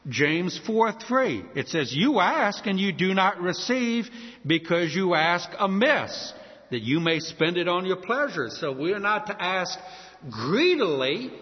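A man preaching a sermon, emphatic, slowing down and lifting his voice on key words. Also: sits high, very animated. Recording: dull sound with long hall reverb.

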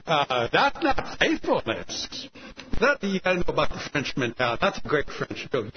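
A man's voice: fairly high pitch, huge pitch swings, normal speed. Earnest male preacher on lo-fi radio. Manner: earnest, emphatic preaching that drops to a soft, tender hush. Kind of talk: radio sermon. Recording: lo-fi radio broadcast with hiss.

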